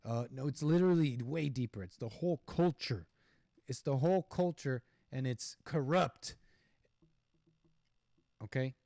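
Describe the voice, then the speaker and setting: A man's voice: mid-range voice, unhurried, pauses often, mellow, no room sound, clean studio sound. A man hosting a stream, ranting sarcastically and indignantly over a video clip and laughing at his own jokes. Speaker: streamer host.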